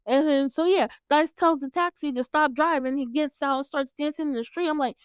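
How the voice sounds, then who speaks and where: A woman's voice: high-pitched, brisk, dry recording, clean studio sound. A woman hosting a casual movie recap, chatty, laughing often and swearing freely as she retells scenes. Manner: chatty, laughs often, acts out the characters' lines. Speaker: podcast host recapping a movie. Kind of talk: casual chat.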